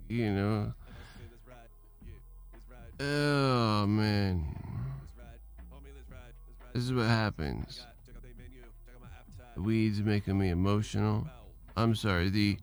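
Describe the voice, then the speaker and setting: Solo podcast host, male, slow unhurried delivery, wandering and self-deprecating, swears casually. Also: fairly low pitch. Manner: meandering, trailing off, frequent restarts and fillers; loose, profane and self-deprecating. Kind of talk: rambling solo podcast monologue.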